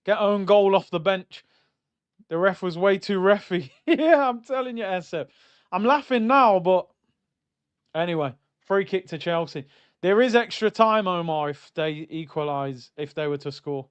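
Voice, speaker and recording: A young man reacting live to a football match on stream, swinging between loud outbursts and low muttering. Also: normal speed, clear, resonant tone, lo-fi sound. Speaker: watchalong streamer.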